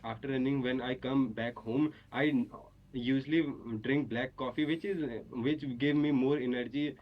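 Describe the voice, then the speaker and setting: A man's voice: medium pitch, steady tone, normal speed, highs cut off. A man with an Indian accent answering speaking-test questions hesitantly, searching for words and restarting. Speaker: test candidate. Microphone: video call.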